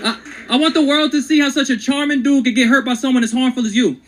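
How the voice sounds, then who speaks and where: A man's voice: extremely high pitch, fairly even intonation, quick pace, a bit bright, low-quality recording. A man performing a rhyming spoken word story with a rhythmic, dramatic delivery. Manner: rhythmic, dramatic storyteller who acts out quotes.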